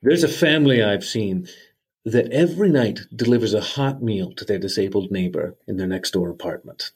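A man's voice: lowish voice, moderate pace, darkish tone, slightly rough. A man playing a jolly, sentimental old Santa Claus as an interview guest, folksy and chuckling. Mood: heartfelt. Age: older.

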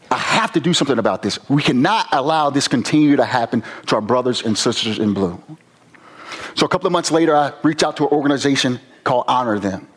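Husky man telling his testimony. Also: mid-range voice. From Virginia, USA. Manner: earnest, emotional storytelling with slow pauses. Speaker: former police officer sharing testimony. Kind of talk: personal testimony talk.

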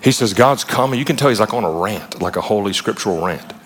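A man delivers a sermon in a relaxed, conversational way, slipping into animated asides and playful retellings. His voice sits fairly low. Long reverb from a large hall trails after each phrase. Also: fast. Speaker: preacher.

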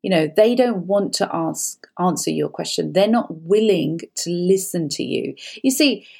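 Lower-voiced woman giving earnest advice. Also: lively intonation, unhurried, vocal fry, darkish tone, breathy edge. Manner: earnest, repetitive, explanatory. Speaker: guest psychologist. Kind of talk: conversational advice talk.

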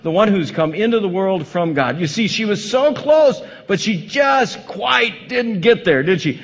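A male pastor preaching a sermon dramatically, swinging from loud emphasis to hushed tones in a large hall on a dull, lo-fi recording. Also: sits high, lively intonation, measured pace, few pauses, slightly rough.

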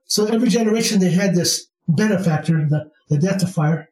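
A spiritual teacher tells a spiritual story in a rambling, casual way, full of restarts and filler words. His voice sits high with a darkish tone and a brisk pace, and he is recorded off mic in a roomy space.

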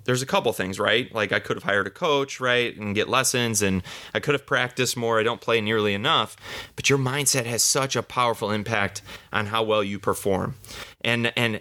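Male podcast host, mid-30s, bright forward tone, earnest conversational self-help delivery. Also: medium pitch. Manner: earnest, conversational, repeats himself. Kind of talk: casual self-help monologue.

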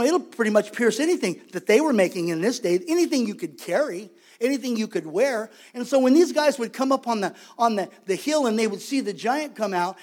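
A man's voice: high-pitched, darkish tone. A man preaching a sermon as pastor, conversational and emphatic, repeating his points for weight.

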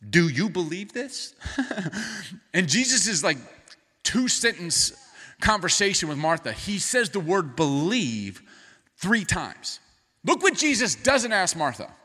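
A middle-aged man preaching a sermon as pastor, animated and rising into emphatic bursts. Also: high voice, slow pace, long pauses, in a large hall. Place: church sanctuary.

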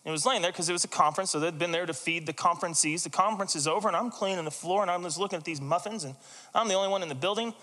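A pastor with a high voice preaches very fast in a big-room space. He tells personal stories in a chatty, animated way and acts out the voices of the people he quotes.

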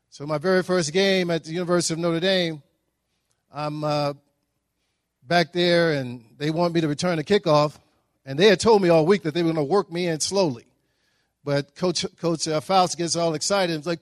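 A man, giving a folksy, animated storytelling speech at a breakfast event. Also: fairly high pitch, a little fast, dry recording, clean studio sound. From Dallas, Texas. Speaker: guest speaker.

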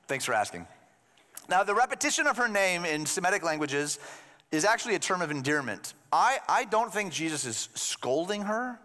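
A man's voice: high-pitched, animated, moderate pace, pushed and bright. A male pastor preaching a sermon in a conversational way, with joking asides to the congregation. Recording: long hall reverb.

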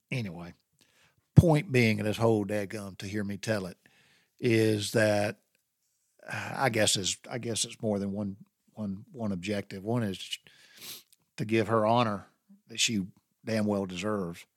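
In a lowish, darkish voice with no echo, a middle-aged Southern man shares a story from his own life. The dry, close recording catches his heartfelt, meandering delivery and frequent restarts.

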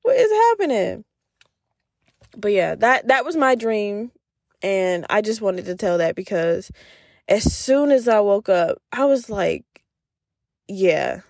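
A woman hosting a podcast, telling a story in a casual, animated way and acting out the voices she quotes, laughing often. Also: medium pitch, unhurried, no room sound, studio quality. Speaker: podcast host.

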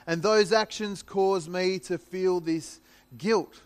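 A pastor preaching a sermon in a conversational way, acting out scripture in dramatic paraphrase. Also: male voice, sits high, fairly even intonation, slow.

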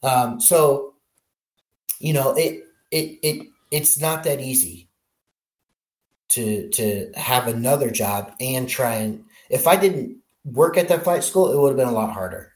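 A man's voice: mid-range voice, a little slow. Man telling stories in a roomy echo. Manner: animated storyteller, many restarts. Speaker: helicopter pilot guest. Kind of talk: casual interview storytelling.

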